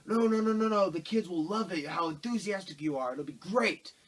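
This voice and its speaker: A man's voice: high voice, brisk, fairly bright tone, voice pushed up. A man voicing a pushy male film director in a mocking skit, dismissive and falsely upbeat. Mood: breezy, pushy.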